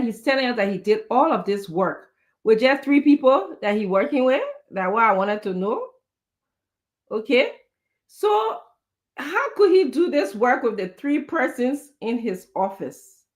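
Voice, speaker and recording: A woman, a guest giving measured political commentary on a talk show. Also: mid-range voice. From Liberia.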